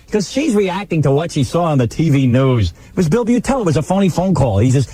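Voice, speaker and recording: Excitable fast-talking radio host. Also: male voice, fairly high pitch, husky, no echo. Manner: excitable, acts out quotes. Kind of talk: animated storytelling on talk radio. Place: radio studio.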